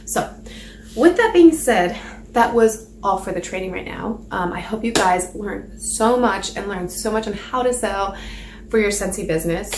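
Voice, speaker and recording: A woman's voice: medium pitch, moderate pace, noisy background. Rambling woman coaching in an echoey room. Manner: rambling, chatty, many fillers and restarts. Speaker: sales trainer. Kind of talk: casual spoken training talk.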